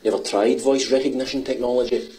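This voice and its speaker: A man's voice: medium pitch, steady tone, quick pace, mellow, natural voice, poor audio. An actor with a Scottish accent playing an irritable, swearing man stuck in a lift in a comedy sketch. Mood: exasperated. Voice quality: brash, swearing, exasperated. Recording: sketch audio with audience laughter. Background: audience laughter.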